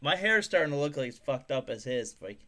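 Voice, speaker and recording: A man's voice: very animated, fast talker. A man co-hosting a casual podcast, swearing freely and joking with his co-host. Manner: profane, jokey, slips into loud high mock voices.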